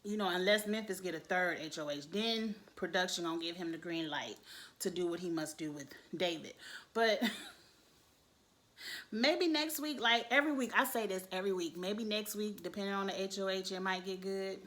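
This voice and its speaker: Woman, casual commentary, blunt, animated, swears. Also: medium pitch, normal speed. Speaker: youtube reality show reviewer.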